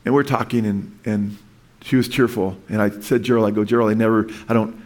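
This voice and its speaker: A man's voice: lowish voice, fairly even intonation, a little fast, darkish tone. A man preaching a sermon in an earnest, rambling way, with frequent restarts and asides to his listeners. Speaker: pastor.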